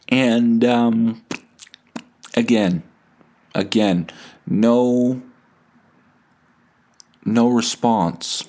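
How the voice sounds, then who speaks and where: A man's voice: mid-range voice, very slow, long pauses, a little mellow. A man in his thirties hosting a podcast, telling a rambling, self-deprecating comic story with some swearing. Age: 30s. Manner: rambling, digressive, profane storytelling. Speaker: podcast host. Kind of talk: comedic podcast monologue.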